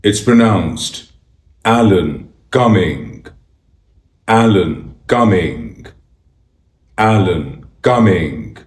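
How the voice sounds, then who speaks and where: A man leads a pronunciation tutorial, repeating each word slowly and deliberately. His voice sits low and his delivery is unhurried to the extreme. The recording carries a roomy echo. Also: lively intonation. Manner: slow, deliberate repetition of a name.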